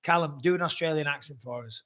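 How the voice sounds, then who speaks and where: A man's voice: on the high side, fast, a bit bright. A man, hosting a casual live stream, joking, teasing and swearing freely. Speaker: podcast host.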